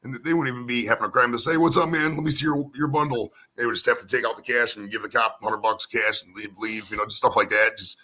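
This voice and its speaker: A man from the United States talks fast in a loose, rambling live-stream chat. His voice is bright and forward, and he keeps tacking "man" onto his sentences and restarting phrases. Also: fairly low pitch, steady tone. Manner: rambling, repeats words, says "man" a lot. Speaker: co-host.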